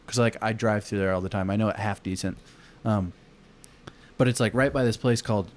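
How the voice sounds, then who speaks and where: A man from Arizona telling a long story on a casual podcast, rambling with lots of fillers and swearing. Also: lowish voice. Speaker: podcast co-host.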